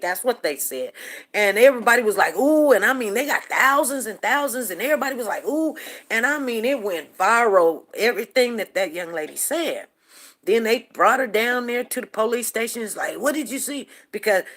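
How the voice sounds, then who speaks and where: A woman's voice: medium pitch, fairly bright tone. A woman hosting a talk show, rambling and repeating herself as she makes emphatic points to her listeners. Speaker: show host. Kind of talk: casual talk-show monologue.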